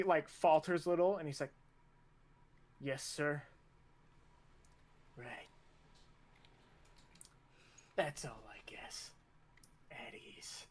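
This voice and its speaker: Young man running a tabletop game, fairly high voice. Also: darkish tone. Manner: switches between narration and a gruff drill instructor's barked lines. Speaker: game master.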